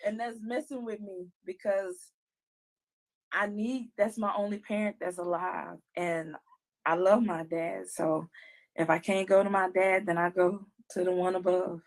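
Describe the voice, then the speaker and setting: A woman's voice: lowish voice, fairly even intonation, measured pace. A woman co-hosting a casual podcast chat, speaking candidly and acting out her own self-talk. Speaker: podcast co-host.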